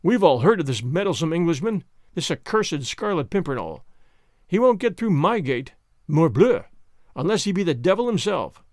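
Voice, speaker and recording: A man's voice: a little high, sing-song, moderate pace, darkish tone, no room sound, clean studio sound. A man voicing a pompous boastful gate sergeant. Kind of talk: audiobook character voice.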